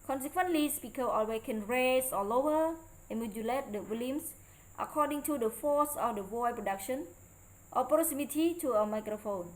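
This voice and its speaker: Reading from a prepared presentation, this woman sounds a little high and moves slowly and hesitantly through the lecture-style text, with grammar that shows she's not a native speaker. She's a student, and the audio quality is poor.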